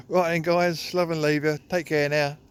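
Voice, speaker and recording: A man's voice: on the high side, fairly even intonation, unhurried, clear, resonant tone. A middle-aged man, chatting casually and grumbling while walking his dog outdoors, filming on a phone. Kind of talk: casual walking vlog chat. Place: outdoors on a park path.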